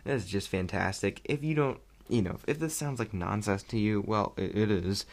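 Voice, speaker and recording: A young man chatting casually about a movie he loved, rambling and excitable and laughing often. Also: on the low side, normal speed, vocal fry. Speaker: vlogger reviewing a movie. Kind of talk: casual chat.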